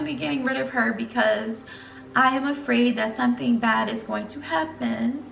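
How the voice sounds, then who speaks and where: A woman's voice: a little high, moderate pace, gravelly, fairly bright tone, echoey room, distant mic, soft background music, rough recording. A young woman telling an emotional story to her viewers in a casual vlog, earnest and direct. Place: home room.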